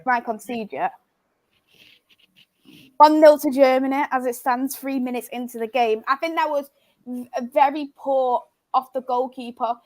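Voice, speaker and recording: A woman's voice: high-pitched, normal speed. A woman co-hosting a football watchalong, reading viewer comments aloud and chatting casually with brief agreeing replies. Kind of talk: casual live-stream chat.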